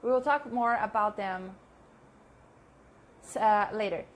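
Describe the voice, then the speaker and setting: A woman teaching a live online English lesson, chatting with viewers and repeating example sentences slowly, with frequent laughs. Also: medium pitch. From Brazil.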